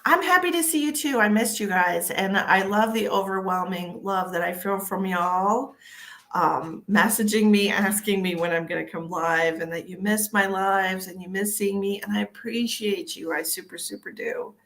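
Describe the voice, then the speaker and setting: A woman's voice: mid-range voice, fairly even intonation, normal speed, creaky, a bit bright. A woman hosting a casual psychic livestream from home, chatty and tired, greeting viewers by name and swearing freely. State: tired from early work hours. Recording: echoey room.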